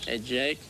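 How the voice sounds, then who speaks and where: A man's voice: medium pitch, noisy background. A man voicing Smitty, a drowsy, grumbling puppet in a children's TV show.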